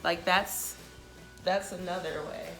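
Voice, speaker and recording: A woman's voice: lowish voice, fairly even intonation, slow, over music. A woman vlogger giving casual relationship advice to the camera, chatty and full of filler "likes". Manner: chatty, many filler likes, quotes others in passing.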